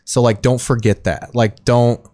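A man's voice: medium pitch, level tone, a little slow, warm tone. A man hosting a live-streamed talk show, chatting casually and leaning on "like" as he explains his views. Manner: conversational, many fillers like "like". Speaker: podcast host. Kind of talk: casual chat. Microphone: studio mic on a live stream.

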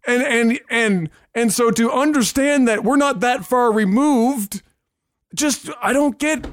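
A man with a high voice rants on a casual podcast, restarting and repeating his words as he searches for the point. The sound is dry and close, with no room in it. He swears freely and leans hard on every point. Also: slow pace, no room sound. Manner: emphatic, ranting, repeats words while searching. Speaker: podcast co-host. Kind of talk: casual chat.

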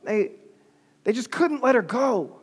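A man preaching in a casual, animated way, retelling a story with slang and asides. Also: very high-pitched, a little slow, husky. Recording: long hall reverb.

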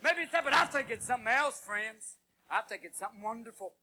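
A man performing a comedy sermon as a manic evangelical preacher, booming and preachy with shouted exclamations. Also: lively intonation, quick pace, full character voice. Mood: preaching. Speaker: stand-up comedian. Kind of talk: comic sermon parody. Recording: live show with loud crowd and noise.

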